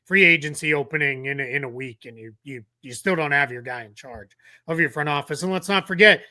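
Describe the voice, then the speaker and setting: Man, sports co-host, bright forceful voice, slightly high, animated. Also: a little fast. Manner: animated, acts out quotes. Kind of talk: casual sports talk.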